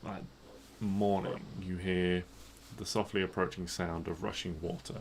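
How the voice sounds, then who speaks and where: A man running a tabletop game, speaking in a fairly low voice. He narrates the scene at an easy pace with plenty of fillers, and there is clear noise behind him. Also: a little slow. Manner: relaxed, rambling description with many fillers. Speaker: game master.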